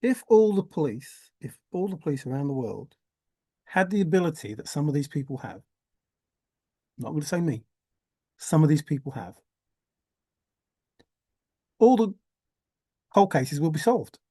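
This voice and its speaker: A man's voice: a little high, lively intonation, normal speed, dark tone, breathy edge, no room sound, clean studio sound. A man talking through a rambling vlog monologue, musing aloud, swearing casually and laughing to himself. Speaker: vlogger.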